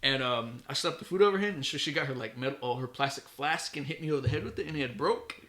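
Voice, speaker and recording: A man's voice: medium pitch, expressive, very fast, a bit bright. A young man hosting a podcast, telling crude, joking stories in casual chat. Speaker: podcast host. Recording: echoey room.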